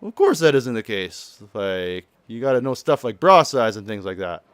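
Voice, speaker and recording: A man talks through a video game in a relaxed, rambling way, his pitch bouncing around a lot. He laughs easily and keeps summing up what the characters say. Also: moderate pace. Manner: chatty, loose, laughs often, summarizes game dialogue. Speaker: let's play commentator. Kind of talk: casual gameplay commentary.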